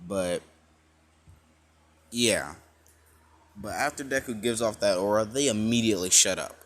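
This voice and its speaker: A man's voice: lowish voice, unhurried, a bit bright. A man casually retelling a fan-made story, rambling with many fillers and self-corrections.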